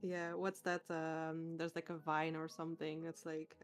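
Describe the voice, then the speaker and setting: Woman co-streamer, lowish voice, brief encouraging reactions, faint music behind. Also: little pitch movement, measured pace. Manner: short supportive reactions and laughs. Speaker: co-streaming artist. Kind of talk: casual chat.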